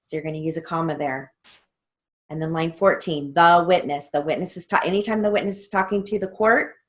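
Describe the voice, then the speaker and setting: A woman's voice: low voice, steady tone, brisk. A woman, a court reporting instructor, walking through a transcript line by line and naming each punctuation mark as she reads it aloud. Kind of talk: recorded theory lesson walkthrough.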